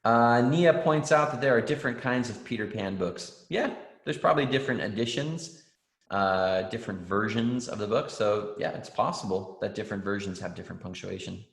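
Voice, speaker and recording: A man's voice: on the low side, moderate pace, vocal fry. A man teaching an online writing class for children, encouraging and reading out student answers with frequent ums. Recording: roomy echo.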